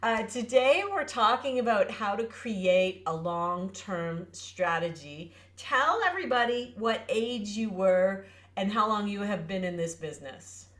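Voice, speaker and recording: A woman in her fifties hosting a business podcast, playful and quick to laugh. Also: mid-range voice, lively intonation, fairly bright tone. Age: 50s. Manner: slow, playful, laughs easily. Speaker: podcast host. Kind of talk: interview hosting.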